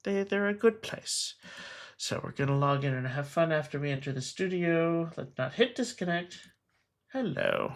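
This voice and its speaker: A man with a higher-than-average voice speaks at a moderate pace while hosting his own game stream. He chats casually, earnest and talkative, tossing in wry jokes at his own expense.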